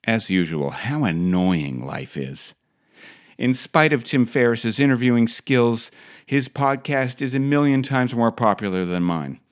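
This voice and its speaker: A middle-aged man hosting a podcast, delivering a wry, scripted comic monologue with deadpan asides. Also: medium pitch, a little slow. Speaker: podcast host.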